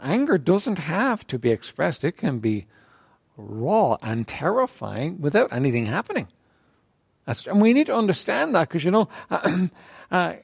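A man leading a church group in a conversational talk on faith, asking questions of the group and often clearing his throat. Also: on the high side, no echo, clean studio sound.

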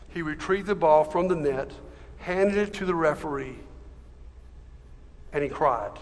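A man's voice: fairly high pitch, fairly bright tone. A man preaching a sermon, telling a story with emotional, dramatic delivery. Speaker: pastor. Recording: long hall reverb.

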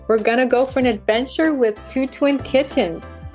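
A woman, the book's author, reading her children's story aloud in an expressive way. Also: high-pitched, normal speed, soft background music.

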